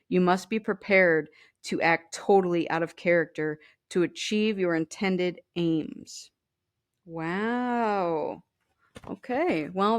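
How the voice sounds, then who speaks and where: A woman giving a casual tarot and oracle card reading. She reads the card texts aloud and talks straight to the viewer with chatty asides. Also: fairly low pitch. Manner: chatty, addresses viewers directly with "you know" asides.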